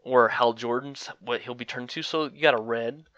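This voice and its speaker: A man's voice: mid-range voice, fairly even intonation, normal speed, fairly bright tone, no room sound, muffled recording. A young man giving casual, rambling commentary on a fighting game, with frequent fillers and chuckles. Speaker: gaming commentator.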